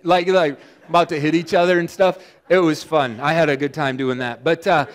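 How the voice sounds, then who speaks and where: A middle-aged male pastor preaching a sermon in an animated, conversational way with lots of fillers. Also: a little high. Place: church sanctuary.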